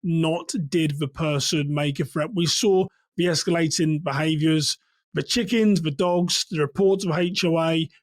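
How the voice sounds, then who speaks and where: Male security trainer from England, high-ish voice, dry close sound, measured teaching delivery. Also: steady tone, no room sound. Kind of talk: commentary on a case.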